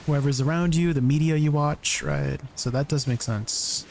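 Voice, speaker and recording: A man's voice: a little high, normal speed, a little mellow, slight background noise. Chatty laughing man streamer. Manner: chatty, laughs often, answers chat questions. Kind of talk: casual live-stream chat with viewers.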